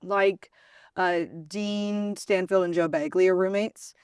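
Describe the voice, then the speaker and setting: A woman hosting a podcast in casual chat, with a raspy, slightly gravelly voice, chatty and laughing often as she tells stories. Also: mid-range voice, steady tone, takes it slowly, darkish tone, dry recording, clean studio sound. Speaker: podcast host.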